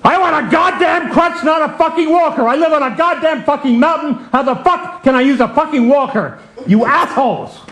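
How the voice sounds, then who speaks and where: A man putting on a shrill, whining older man who wails over every loss and curses when cranky. The voice rides high and swoops wildly. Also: wildly swooping pitch, takes it slowly, full character voice, rough recording. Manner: high wailing, shouting, cranky. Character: whiny self-pitying retired man, himself.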